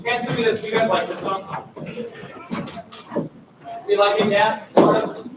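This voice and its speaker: A man's voice: high voice, fairly even intonation, unhurried, very noisy. A man coaching a young choir, speaking and singing phrases to demonstrate, heard from far off in a large room. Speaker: choir clinician. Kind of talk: choir rehearsal instruction. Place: large echoey rehearsal room. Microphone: far room recording. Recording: echoey hall recorded from far off.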